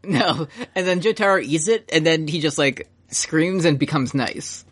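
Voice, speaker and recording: A man's voice: fairly high pitch, fairly bright tone, breathy edge. A man co-hosting a podcast, chatting casually and reading listener questions aloud. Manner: fast, joking, reads listener questions aloud. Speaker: podcast co-host. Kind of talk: casual chat.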